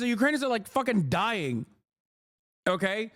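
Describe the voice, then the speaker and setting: A man's voice: extremely high pitch, very animated, normal speed, a bit bright. Profane, heated male streamer. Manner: profane, heated, sarcastic, laughs often. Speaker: streamer reacting to videos. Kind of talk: casual reaction commentary.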